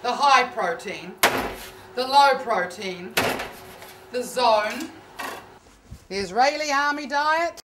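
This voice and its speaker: A woman's voice: fairly high pitch, expressive, slow pace, pauses often, background noise. A woman telling stories in a one-woman comedy show on a theatre stage, wry and self-mocking. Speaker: solo stage performer.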